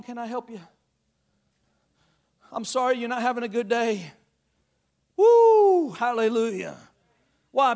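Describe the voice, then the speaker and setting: A man's voice: sits high, gravelly, fairly bright tone. A man preaching a sermon to his congregation, calling out to them and breaking into playful asides. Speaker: pastor.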